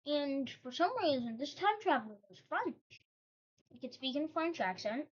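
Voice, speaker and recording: A woman's voice: high voice, animated, moderate pace. A woman host telling a made-up history story in a casual, rambling way, breaking off into joking asides. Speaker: channel host. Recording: dull lo-fi recording.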